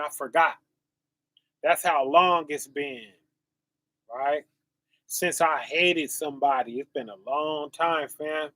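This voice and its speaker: Slow bright-voiced male street preacher. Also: fairly high pitch, no echo. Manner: preachy, rhetorical, keeps asking "right?". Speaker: online preacher. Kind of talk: sermon to camera.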